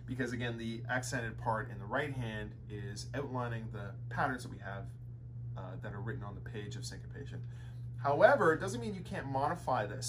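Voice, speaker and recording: A man's voice: medium pitch, noisy background. A young man teaching a drum lesson, explaining sticking patterns in a loose way with many fillers and restarts.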